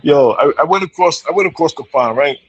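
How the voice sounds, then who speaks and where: A man's voice: on the high side, animated, brisk, husky, muffled recording. A man chatting casually on a podcast, rambling and repeating words as he gets going. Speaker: podcast co-host. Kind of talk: casual chat.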